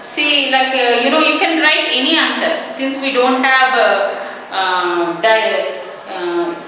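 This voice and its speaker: A woman teaching an online lesson to young children, slowly repeating her questions and answers. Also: a little high, bright, forceful tone, a little hiss or hum. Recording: echoey room audio from a distance.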